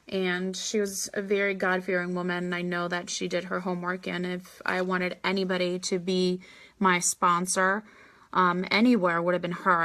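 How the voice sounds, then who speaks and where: Bright, blunt, chatty woman. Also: on the low side. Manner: chatty and blunt, quick asides, acts out her replies. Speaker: network marketing leader answering viewer questions. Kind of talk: casual live Q&A.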